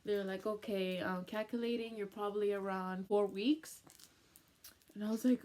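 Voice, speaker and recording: A young woman in her twenties recounts an emotional personal story in a loose, chatty way, leaning on "like" and dropping in Spanish phrases. Her voice sits at a middle pitch and sounds teary from crying. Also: steady tone, moderate pace, a little mellow. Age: 20s. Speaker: vlogger.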